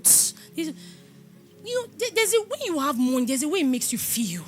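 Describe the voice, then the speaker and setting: A woman pastor giving a lively testimony sermon in an animated storytelling manner. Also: high-pitched, normal speed, soft background music. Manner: animated storytelling, laughing and exclaiming.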